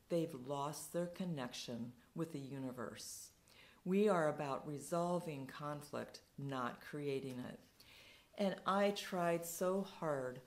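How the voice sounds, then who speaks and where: Slow, measured woman storyteller. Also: low voice. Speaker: speaker. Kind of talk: storytelling talk.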